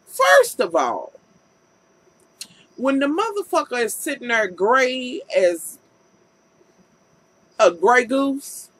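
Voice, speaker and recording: A woman's voice: sits high, sing-song, slow, long pauses, a bit bright, slightly rough, no echo, rough recording. A woman vlogger recapping a TV episode in a casual, profane rant, acting out scenes with incredulous commentary.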